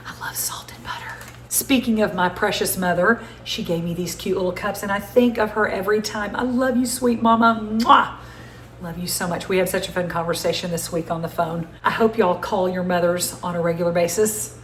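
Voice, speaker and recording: A Southern American woman in her sixties hosts a cooking show from her home kitchen, chatting casually and gushing with frequent laughter. Her voice is lowish and fairly quick, with a little hiss or hum. The kitchen sounds echoey, with faint ambience.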